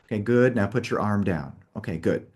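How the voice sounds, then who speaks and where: Guiding a participant through a group exercise, this workshop leader gives step-by-step instructions and keeps dropping in "okay" to check understanding. He speaks fairly quickly in a fairly low, expressive voice that is a little mellow and husky.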